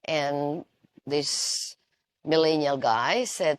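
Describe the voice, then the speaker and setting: A woman's voice: sits low, sing-song, a little slow. A woman earnestly recounting a personal experience in a reflective, testimonial manner. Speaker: speaker sharing a personal story.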